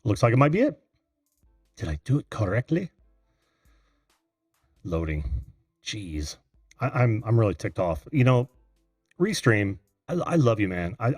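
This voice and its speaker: A middle-aged man hosting a live call-in show, chatting and reading viewer comments, easily flustered and quick to laugh. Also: on the low side, darkish tone, slightly rough, dry recording, studio quality.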